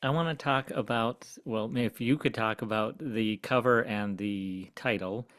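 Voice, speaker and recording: A man with a fairly low voice hosts a podcast interview. He puts his questions to the guest haltingly, restarting and rephrasing them mid-sentence. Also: fairly bright tone. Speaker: podcast host.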